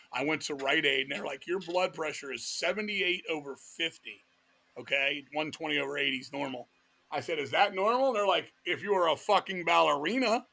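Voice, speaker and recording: Here a Virginia metal singer in middle age, appearing as a guest, tells wild stories loaded with profanity and voiced quotes. His pitch sits on the high side, with a gravelly, sharp tone. The pace is fast and the talk is casual and animated.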